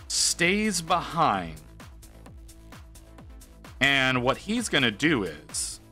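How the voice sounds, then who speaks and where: Painting on a stream, a man with a medium-pitched voice tells a story casually, animated and wry, restarting his sentences often.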